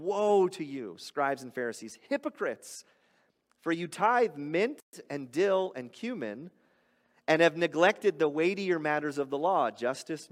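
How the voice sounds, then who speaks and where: A pastor delivers a sermon, unpacking scripture in a conversational, animated style that climbs toward loud emphasis. His voice is fairly high-pitched, trailed by a long reverb tail.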